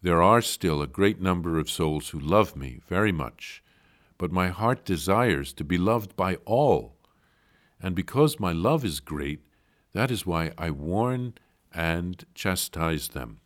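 A man reading aloud the words of Jesus as a gentle, tender divine figure, calm and measured. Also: deep voice. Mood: gentle, comforting.

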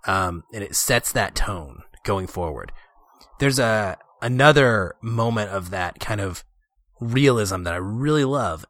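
A man's voice: on the low side, pushed and bright, no room sound, clean studio sound. A man in casual chat about a film, earnest and enthusiastic, often restarting his sentences. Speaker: podcast co-host discussing a film.

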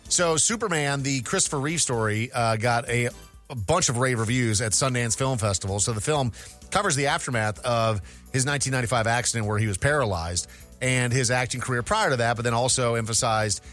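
A man's voice: medium pitch, brisk, fairly bright tone, soft background music. A male radio host in casual chat, steadily summarizing entertainment news stories.

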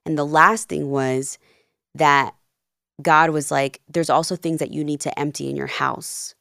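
A woman's voice: sits low, measured pace, gravelly, dry recording, studio quality. A woman in her thirties, a life coach, telling her story in a casual interview and acting out the dialogue. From Peru and New Jersey. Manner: animated, acts out quoted dialogue. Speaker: podcast guest, life coach.

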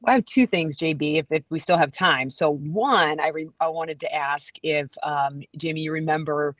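Podcast host: middle-aged woman, low voice, dry close sound, chatty and rambling. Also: moderate pace, fairly bright tone, no echo. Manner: rambling, with restarts and fillers. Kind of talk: casual chat.

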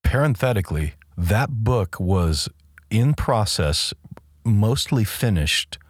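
A low-voiced man with a husky edge, co-hosting a casual faith discussion. He talks emphatically and circles back over his words as he thinks. The sound is close and dry. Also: lively intonation, slow pace, no room sound. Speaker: podcast co-host.

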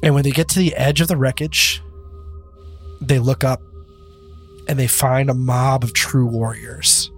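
A man's voice: mid-range voice, fairly even intonation, a little slow, gravelly, pauses often, soft background music. Man narrating as game master. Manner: casual, laughing often, loose storytelling.

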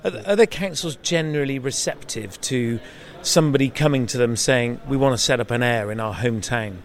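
A man's voice: mid-range voice, a little fast. A man interviewing guests outdoors, friendly and chatty, often ending his questions with tag questions.

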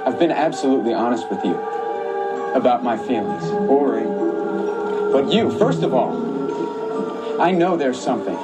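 A man's voice: mid-range voice, lively intonation, moderate pace, long pauses, over loud music, lightly acted. An actor as a hurt, accusing young man. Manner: accusing, bewildered and pleading. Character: jealous young man confronting his friend. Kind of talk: film dialogue. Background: loud film score.

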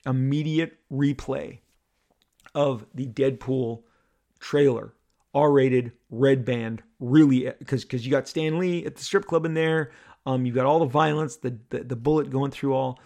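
A man hosting a podcast, telling a story in an animated monologue and acting out the people in it. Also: fairly high pitch, moderate pace, gravelly. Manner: excitable, acts out the crowd and others in bursts.

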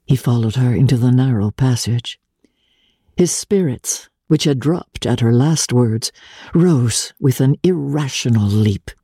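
A woman giving a measured, expressive dramatic reading of a classic novel on a close studio mic. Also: rumbling low, slightly rough, dry recording. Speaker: reader.

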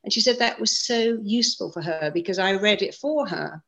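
A woman guest in conversational storytelling, lively and acting out the voices of people she quotes. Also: medium pitch, normal speed. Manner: lively, acts out quoted speech. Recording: dull lo-fi sound.

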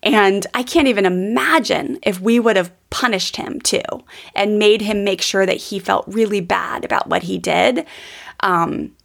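Earnest gravelly-voiced woman podcaster. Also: medium pitch, a little slow. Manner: earnest, warm-hearted, with frequent fillers like "um" and "like". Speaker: podcast host. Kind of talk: heartfelt personal storytelling.

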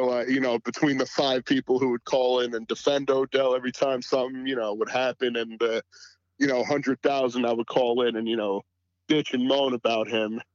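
A man's voice: medium pitch, dry recording, highs cut off. A man as a podcast guest in casual sports chat, laid-back and full of "you know" fillers.

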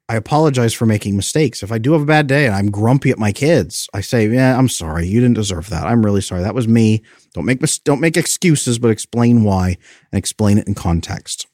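A man in his thirties giving earnest parenting advice, explaining his points and repeating them for emphasis, his voice jumping up when he gets animated. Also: on the low side, dry recording, clean studio sound. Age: 30s.

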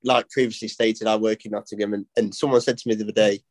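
A man with a Black Country accent hosting a casual chat, retelling memories excitedly with laughs. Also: lowish voice, fast talker, no echo. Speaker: podcast host.

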